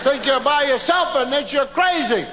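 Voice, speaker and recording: This stand-up comedian's voice is extremely high-pitched and expressive, at a normal speed. Live on stage in a hall, he tells family stories to a laughing crowd, impersonating his wife and kids, down to squealing child voices. The recording is dull, with ambient noise in the hall.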